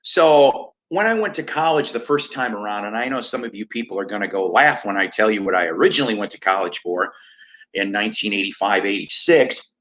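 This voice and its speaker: A man's voice: fairly low pitch, animated, brisk, fairly bright tone, poor audio. A man in his fifties from the Chicago area, hosting a casual livestream with digressive, self-mocking talk and easy swearing. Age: 50s. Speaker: livestream host and record collector. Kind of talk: casual rambling livestream chat.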